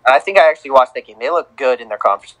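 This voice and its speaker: A man's voice: medium pitch, animated, very fast, fairly bright tone, low-quality recording. A man co-hosting a casual sports podcast, announcing tournament teams in a playful, sing-song way. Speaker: podcast co-host.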